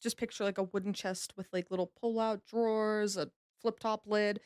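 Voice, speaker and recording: A woman's voice: medium pitch, fairly even intonation, normal speed, darkish tone, smooth, no room sound. Lady rambling through history on a podcast, laughs a lot, dead dry mic. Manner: chatty storyteller, laughs easily. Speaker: podcast co-host. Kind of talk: casual history podcast chat.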